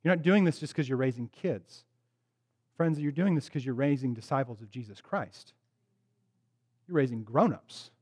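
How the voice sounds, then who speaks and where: A man's voice: mid-range voice, animated, normal speed, long pauses, darkish tone, breathy edge. Man preaching in a reverberant church. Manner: conversational, jokey, addresses congregation directly. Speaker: pastor. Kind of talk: sermon. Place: church sanctuary. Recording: long hall reverb.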